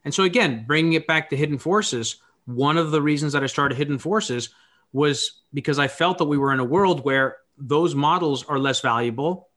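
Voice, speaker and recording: A man's voice: fairly high pitch, moderate pace, a bit bright. A man who runs his own podcast, a guest here, thinking aloud in a reflective, philosophical way. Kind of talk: reflective conversational talk.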